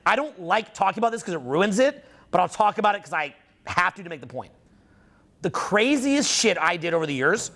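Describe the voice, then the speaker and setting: A social skills coach runs a live seminar, cursing freely, hitting his points hard and quizzing the audience. His voice is high and a bit bright.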